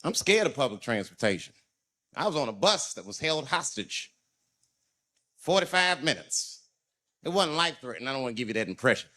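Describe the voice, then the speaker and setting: A man's voice: medium pitch, sing-song, a little fast, sharp tone. A male stand-up comedian telling a long profane story, acting out the voices of people in it. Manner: profane and conversational.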